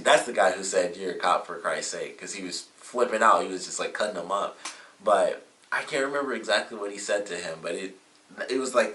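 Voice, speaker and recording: A man with a deep voice and a bright, forceful edge talks his way through a TV episode review, full of fillers and restarts. He is recorded from a distance in a roomy, echoing space. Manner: rambling, with many fillers and self-corrections. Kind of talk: casual solo review. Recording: roomy echo, mic at a distance.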